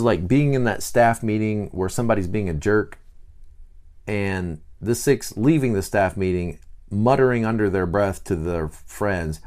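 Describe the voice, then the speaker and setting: A man hosting a podcast, explaining personality types in a casual teaching monologue and acting out the people he describes in short bursts. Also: on the low side. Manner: animated, acts out quick voices of people he describes. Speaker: podcast host.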